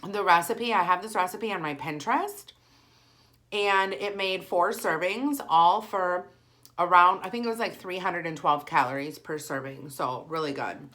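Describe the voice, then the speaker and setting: A woman, telling a story in a chatty, animated vlog style. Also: on the low side, moderate pace. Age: 40s. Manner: animated, chatty, heavy use of "like". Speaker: vlogger. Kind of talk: casual storytelling while eating.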